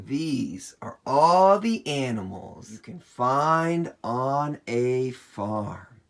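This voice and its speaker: A woman presenting a children's educational story video, talking in an animated way with gasps of surprise and imitating animal sounds. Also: very deep voice, very slow, few pauses.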